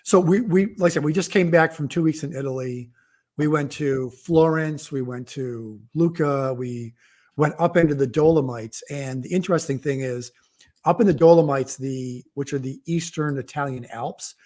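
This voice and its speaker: A man's voice: a little high, moderate pace, darkish tone. A middle-aged man, an author guest on a casual livestream chat, telling rambling stories and often cutting himself off mid-sentence. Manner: rambling, self-interrupting storyteller.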